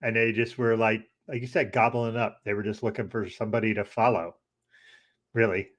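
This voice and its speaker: A man co-hosting a conversational podcast, retelling events in a laid-back way with a dry, wry edge. He pauses often on "uh" as he gathers his thoughts. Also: fairly low pitch. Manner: relaxed storytelling, wry, many "uh" pauses. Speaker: podcast co-host. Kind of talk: casual discussion.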